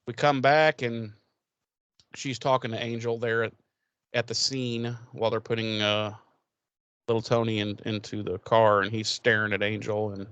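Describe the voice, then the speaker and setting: A man's voice: on the low side, level tone, normal speed, a bit bright, smooth, no room sound, highs cut off. Profane, rambling man recapping an episode. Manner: rambling, profane, laughs often, acts out characters. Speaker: podcast co-host. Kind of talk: casual profane recap chat.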